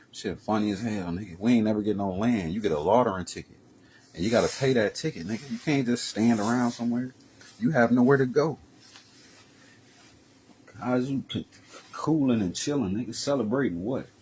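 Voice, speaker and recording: A man vlogging a profane, heated street-talk rant that swings from low muttering to loud raised bursts. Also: slight background noise.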